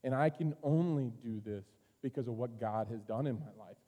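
A man preaching a sermon as pastor, earnest, moving from loud urging to quiet, intimate passages. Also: medium pitch, normal speed, narrow, tinny audio. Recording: long reverb of a hall.

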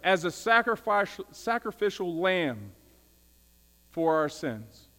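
A man, the senior pastor, preaching a casual, energetic sermon and trading call-and-response with his congregation. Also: high voice, slow. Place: church sanctuary. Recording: long hall reverb with mains hum.

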